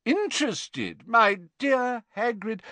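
A man voicing a pompous older male professor with a grave, theatrical, drawn-out delivery. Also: very high-pitched, sing-song, sharp tone, dry recording, pitched above the performer's own voice, full character voice.

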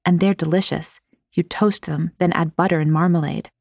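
A woman's voice: lowish voice, fairly even intonation, moderate pace, a little mellow, no echo, clean studio sound. A woman voicing a prim, very polite young woman who speaks formally and precisely. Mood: earnest.

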